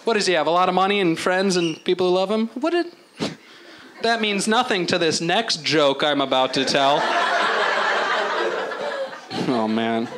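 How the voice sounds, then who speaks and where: A man's voice: high voice, expressive, unhurried, long pauses. A man doing an improvised stand-up set on a club stage, loose and rambling, swearing a lot and mocking himself. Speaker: stand-up comedian. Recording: noisy live club recording. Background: audience laughter.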